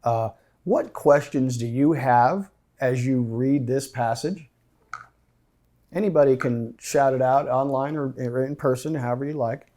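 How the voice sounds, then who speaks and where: A man's voice: medium pitch, unhurried, dark tone. Man leading an interactive Bible study. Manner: questioning, inviting, thinks aloud. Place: meeting room with online participants.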